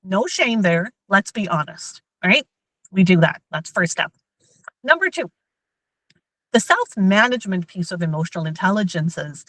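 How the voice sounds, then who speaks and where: A woman and mother giving a lively workshop talk on emotional intelligence to parents and teachers. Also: mid-range voice, moderate pace, dry recording, poor audio. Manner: lively, acts out everyday scenes in quoted voices.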